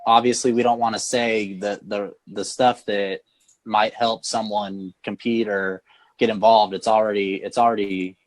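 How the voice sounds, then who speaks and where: Low-voiced man on a video call. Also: flat delivery, measured pace, no room sound. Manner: hesitant, repeats words while explaining. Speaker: phone screen refurbisher guest. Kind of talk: casual live-stream chat.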